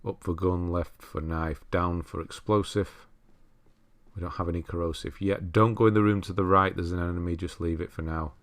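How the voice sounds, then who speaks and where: A man giving relaxed, chatty commentary over a game walkthrough, laughing at himself and correcting his own words. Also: low voice, moderate pace. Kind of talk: casual gameplay commentary.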